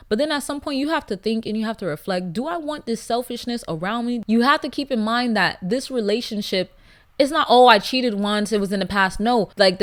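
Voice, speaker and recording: Profane animated woman podcast host. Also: a little high. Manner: blunt, profane, animated with loud laughing outbursts. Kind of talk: casual podcast chat, reading listener stories.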